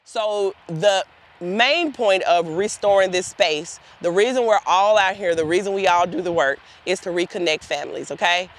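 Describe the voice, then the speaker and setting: A woman's voice: fairly low pitch, normal speed. A woman giving a guided tour outdoors in a cemetery, telling heartfelt stories straight to her group of volunteers. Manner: earnest, heartfelt storytelling addressing the group directly.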